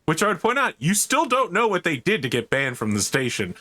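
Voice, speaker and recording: A man's voice: fairly high pitch, wildly swooping pitch, a little fast, bright, forceful tone. Guy game mastering a tabletop rpg, wry laid-back narration.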